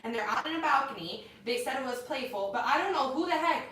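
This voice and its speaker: A young woman co-hosting a casual entertainment news chat, opinionated and animated, with lots of "like.". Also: sits high, fast talker. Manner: animated, opinionated, heavy use of "like". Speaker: co-host. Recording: echoey room, mic at a distance, faint noise.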